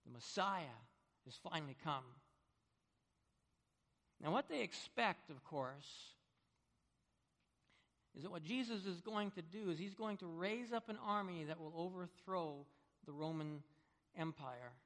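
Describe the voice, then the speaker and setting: A man with a high voice preaches a sermon, drawing listeners in with vivid stories and swinging from hushed to loud. His words ring out with a long reverb, as if spoken in a large church sanctuary. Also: measured pace, long pauses. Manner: animated storytelling, swings between hushed and loud. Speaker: pastor.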